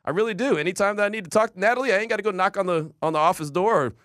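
A man hosting a sports talk radio show, telling stories in a casual, animated way and acting out the people he quotes. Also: sits high, rapid-fire, dry recording, studio quality. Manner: animated storyteller, shouts quoted voices.

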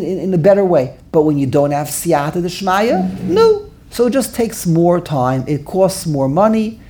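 A man teaching a Talmud class, animated and exclamatory, full of rhetorical questions. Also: high voice.

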